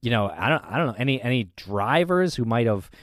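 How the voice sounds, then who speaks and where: A man's voice: mid-range voice, sing-song, fairly quick, a bit bright, no echo, clean studio sound. A man co-hosting a casual chat, telling a news story with many fillers and restarts.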